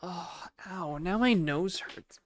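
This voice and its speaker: A woman's voice: on the low side, takes it slowly, no room sound. A woman streaming live, chatting to her viewers in a laid-back, slangy way. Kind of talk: casual live-stream chat.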